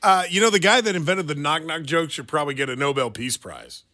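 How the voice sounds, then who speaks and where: A man's voice: fairly high pitch, expressive, fast talker, background noise. A man on a morning radio show reading listener jokes off the text line and chuckling at them. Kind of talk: joke-telling morning radio banter. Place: radio studio. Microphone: studio microphone.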